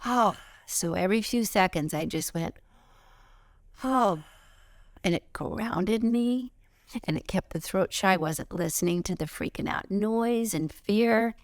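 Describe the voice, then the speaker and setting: A middle-aged woman giving a spiritual lesson outdoors, expressive, jumping from high excited bursts to soft whispers. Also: measured pace, no echo, clean studio sound. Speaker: spiritual teacher.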